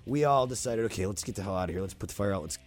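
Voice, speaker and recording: A man's voice: on the low side, expressive, very fast, faint music behind. A man casually telling a spooky story on a podcast, swearing freely and talking animatedly.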